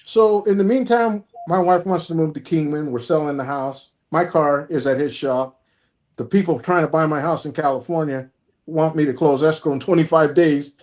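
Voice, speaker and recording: Talking at a normal speed in a voice that sits a little high, this middle-aged man is a car collector guest on an online group stream from his home. His long, casual anecdote is animated, and he performs both sides of every conversation he describes.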